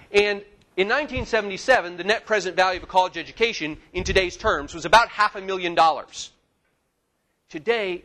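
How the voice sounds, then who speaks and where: Male lecturer, forties, slightly raised pitch, lively and chatty with the audience. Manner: lively, talks to the audience with asides and questions. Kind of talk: classroom lecture. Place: lecture hall.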